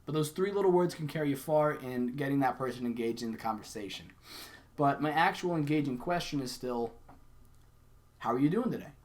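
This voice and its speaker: A young adult man gives a casual, conversational sales lesson as a sales coach, acting out sample phone lines while explaining them. His voice is medium-pitched and a little fast.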